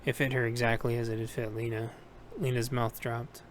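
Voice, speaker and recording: Male audiobook narrator, even monotone reading, light hiss in the recording. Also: medium pitch, fairly quick. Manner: steady, plain reading with small self-corrections. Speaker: audiobook reader.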